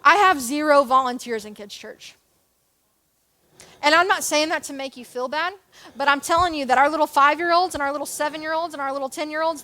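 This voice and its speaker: A woman's voice: high voice, brisk, pushed and bright. A young adult woman giving a sermon as a church youth leader, chatty and self-deprecating, with jokes and asides.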